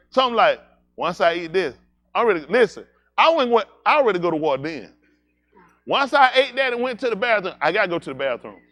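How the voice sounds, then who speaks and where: A man preaches in a high, lively voice. He tells his stories with comic flair and jumps into squeaky voices for the people in them. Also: moderate pace. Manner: animated, jokey, slips into high-pitched voices for characters. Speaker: pastor. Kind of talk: comedic storytelling sermon.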